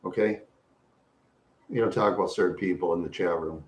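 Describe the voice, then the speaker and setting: A man's voice: low-pitched, steady tone, brisk. A man hosting a live stream, chatting with viewers in a rambling, repetitive way. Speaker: livestream host. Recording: roomy echo.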